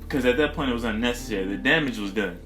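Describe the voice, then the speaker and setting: A man from the American South talks through a casual podcast chat, rambling and laughing as he goes. His tone is bright and forceful, with slang that loosens every sentence. Faint music plays softly behind him. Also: medium pitch, rapid-fire. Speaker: podcast co-host.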